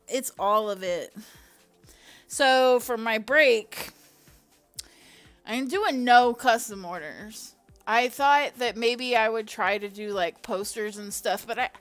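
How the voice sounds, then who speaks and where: A woman's voice: on the high side, fairly bright tone. A woman in her thirties chatting on a livestream, rambling and profane with frequent laughter. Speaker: livestream host. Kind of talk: casual livestream chat.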